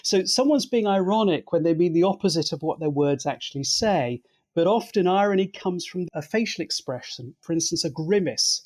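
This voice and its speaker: Man explaining at length, slightly high voice. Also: lively intonation, normal speed, a little mellow. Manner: lecturing, methodical. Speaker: expert guest. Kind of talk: explanatory interview talk.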